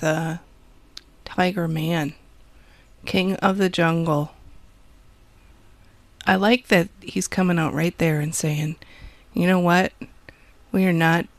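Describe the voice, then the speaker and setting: A woman's voice: on the low side, no room sound. A woman with a Wisconsin accent hosting a college radio show, chatting casually with rambling, self-deprecating jokes.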